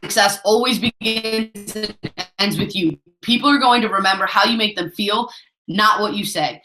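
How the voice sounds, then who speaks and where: A woman's voice: medium pitch, moderate pace, pushed and bright, echoey room, soft background music, rough recording. A woman giving a motivational sales training talk, urging her team on and repeating herself for emphasis. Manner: pep-talk, repeats herself, keeps saying "guys". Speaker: network marketing trainer.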